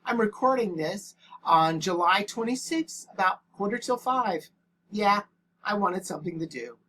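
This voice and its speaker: A man's voice: high-pitched, animated, measured pace, pushed and bright, a little hiss or hum. A male English teacher giving a screen-recorded tutorial, speaking into a headset microphone and dictating punctuation aloud in a plain, matter-of-fact way. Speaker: English language arts teacher.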